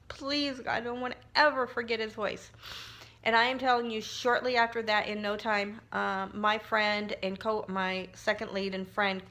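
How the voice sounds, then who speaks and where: Woman, middle-aged, crafting vlog, casual personal talk, heartfelt, emotional, halting restarts, medium pitch. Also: fairly bright tone. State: tearful at times. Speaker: crafting vlogger.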